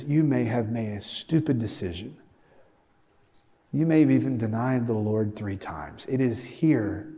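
A male pastor delivering a sermon with mounting fervor and deliberate pauses. His voice sits in an ordinary middle register for a man. It carries a long reverb, as if he is preaching in a large hall. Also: medium pitch, warm tone. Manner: preaching with rising intensity and emphatic pauses.

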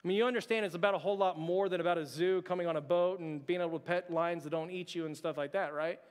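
Speaking at a quick pace, a man preaching in a church sanctuary tells personal stories with animation and humor, dropping to a hushed near-whisper for his quoted thoughts. His fairly high voice echoes through the hall with a long, trailing reverb.

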